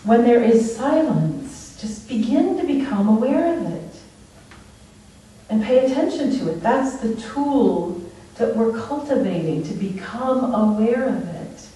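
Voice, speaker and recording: A woman's voice: fairly high pitch, unhurried. A woman giving a conversational sermon at a church, telling stories and laughing often. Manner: storytelling, animated, laughs often. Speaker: speaker at a church service. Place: church sanctuary. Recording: distant mic in an echoey room.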